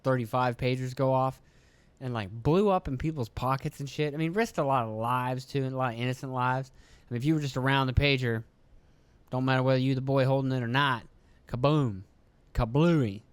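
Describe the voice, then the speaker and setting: A man's voice: mid-range voice, clean tone, no room sound. A man hosting a solo podcast, reading news notes and breaking off into offhand, profane asides. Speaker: podcast host.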